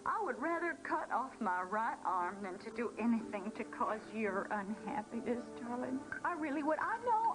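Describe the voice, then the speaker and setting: A woman's voice: high-pitched, low-quality recording. An actress playing a fussy, guilt-tripping older mother-in-law who talks in a wheedling, tearful quaver, in a daytime soap.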